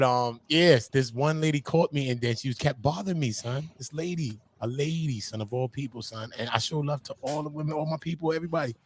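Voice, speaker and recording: A man in casual podcast chat, ranting in animated slang and laughing often. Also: mid-range voice.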